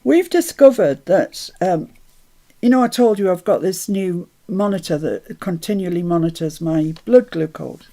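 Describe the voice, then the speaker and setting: A woman's voice: on the low side, expressive, a little slow. A woman hosts a casual crafting livestream. She talks through each step, mutters to herself as she works, and greets viewers in the chat cheerfully. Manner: chatty, greets viewers brightly, mutters to herself while working.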